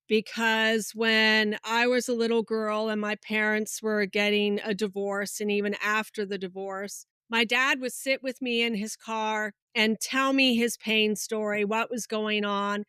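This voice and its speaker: A middle-aged woman, a hypnotherapist guest on a podcast, telling lively stories and acting out the people in them. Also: mid-range voice, clear, resonant tone, dry recording, clean studio sound. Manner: lively storyteller, acts out quoted people. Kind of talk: podcast interview.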